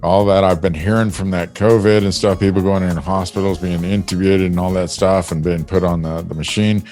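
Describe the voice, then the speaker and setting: A man hosting a podcast, talking hoarsely after throat surgery, rambling through a story with lots of fillers. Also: sits low, flat delivery, a little fast, darkish tone, faint music behind. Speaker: podcast host. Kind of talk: casual chat.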